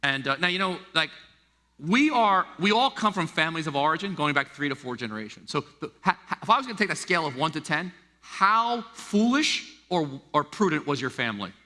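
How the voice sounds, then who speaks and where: A middle-aged man from the United States preaching a sermon as a pastor, animated and stammering through restarts as he acts out quoted voices. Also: on the high side, brisk. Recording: long reverb of a large hall.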